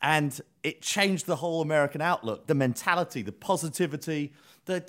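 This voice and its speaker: A man's voice: fairly high pitch, lively intonation, fairly quick, fairly bright tone. Man, dry podcast storyteller. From South London. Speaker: podcast co-host. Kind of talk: comic podcast banter.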